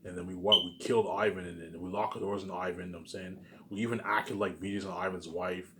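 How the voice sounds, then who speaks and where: A man's voice: deep voice, fairly even intonation, fast, heavy background noise. A man in a rambling, profane solo monologue to his viewers, repeating "obviously" and "you know what I'm saying" again and again. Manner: profane, emphatic and grandiose. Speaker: channel host.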